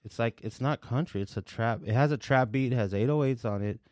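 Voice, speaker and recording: A man's voice: medium pitch, a little fast, darkish tone, dry recording. A man hosting a casual podcast chat, laid-back and profane, who says "dude" often.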